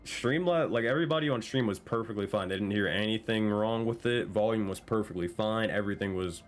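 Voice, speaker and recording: Exasperated swearing game master, low voice. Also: male voice, brisk. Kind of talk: casual streaming chat.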